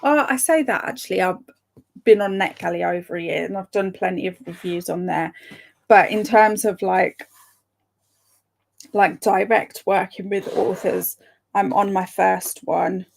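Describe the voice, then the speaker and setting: A woman chatting casually with live viewers, reading out their comments, chatty and excitable, with a gravelly voice. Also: medium pitch. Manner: chatty and excitable, breaks into laughs and sudden whispers. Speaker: streamer reading live chat.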